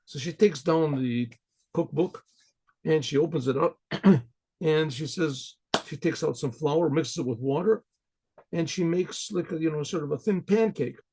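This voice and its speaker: A man, a rabbi, telling a folk tale in a loose, rambling way, repeating words and often clearing his throat. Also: on the high side, unhurried, mellow. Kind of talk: storytelling to an audience.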